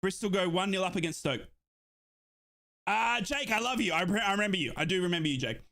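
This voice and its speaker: Young male fan streamer, high bright voice, yelling and breathless, live match watchalong commentary. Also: animated, fairly quick. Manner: shouting, euphoric, breathless bursts.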